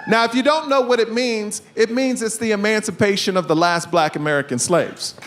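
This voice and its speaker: A man doing a stand-up comedy set, telling an animated story and acting out the people in it with big jumps in his voice. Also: sits high, brisk, heavy background noise. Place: comedy stage before a live audience. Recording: live stage mic with crowd laughter. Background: audience laughter.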